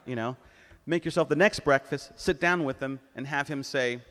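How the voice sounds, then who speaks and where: A man's voice: on the high side, measured pace, fairly bright tone. A man, a cartoonist on a convention stage, telling candid, profane stories and acting out the dialogue. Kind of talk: live storytelling talk. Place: convention panel hall. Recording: live hall with long reverb.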